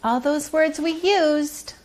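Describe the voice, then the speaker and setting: A woman's voice: sits high, slow pace. A woman teaching preschoolers, singing simple farm songs, imitating animal sounds and patiently encouraging the children. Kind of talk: sing-along lesson for preschoolers.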